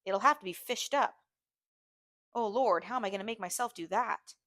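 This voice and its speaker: A woman teacher reading a novel aloud to her class, steady and expressive. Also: medium pitch, normal speed, dry recording, clean studio sound.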